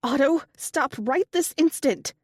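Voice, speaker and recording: A woman's voice: fairly high pitch, animated, unhurried, darkish tone, no room sound, studio quality, voice pushed up. A woman voicing a caring young woman who speaks urgently and emotionally in an audiobook.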